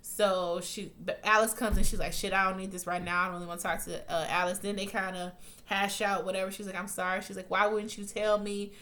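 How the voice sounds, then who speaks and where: A chatty woman tears through a TV episode recap, swearing freely and slipping into the characters' voices as she goes. Her voice is bright and forward, set at a middle pitch for a woman. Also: flat delivery, brisk. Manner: profane, blunt, chatty, acts out quotes. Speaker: TV recap vlogger. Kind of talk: casual recap.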